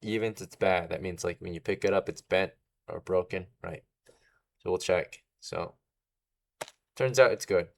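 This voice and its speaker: Deep-voiced man running a tabletop game. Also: measured pace, gravelly, long pauses. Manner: casual, tags lines with "right?". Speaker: game master.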